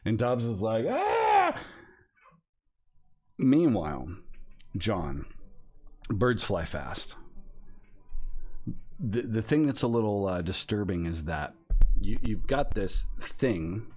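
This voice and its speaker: A man running a tabletop game with a low voice that swings up and down a lot. He narrates loosely, swears freely and keeps checking in with his players. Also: slow, long pauses, faint music behind. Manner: animated, loose and profane. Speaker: game master.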